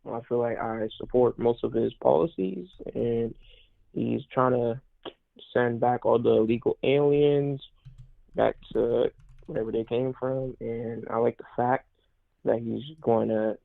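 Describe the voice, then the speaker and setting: A nineteen-year-old man from Mississippi calling into a show, speaking in a hesitant, halting way. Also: medium pitch, fairly even intonation, gravelly, no room sound. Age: teens. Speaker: caller. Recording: tinny phone line.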